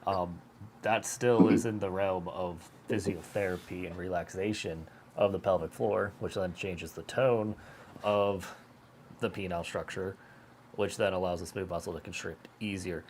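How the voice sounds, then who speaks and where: A man's voice: low voice, fairly even intonation, normal speed, darkish tone, slight background noise. A man co-hosting a podcast while congested with a cold, giving direct and practical explanations in casual chat. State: congested, sick. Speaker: podcast co-host.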